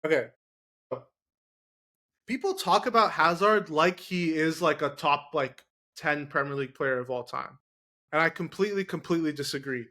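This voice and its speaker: Argumentative man with a slightly high voice. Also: moderate pace, pushed and bright. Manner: argumentative, lots of "like" fillers. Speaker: podcast co-host. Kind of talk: casual sports debate.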